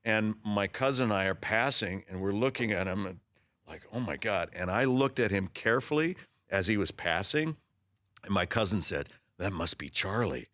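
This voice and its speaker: A man in his sixties, a guest telling stories in a casual interview, lively and animated, acting out voices in his anecdotes with frequent restarts. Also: lowish voice, normal speed, dry recording, clean studio sound. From Los Angeles area. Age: 60s. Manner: frequent restarts and repeated words. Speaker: actor guest.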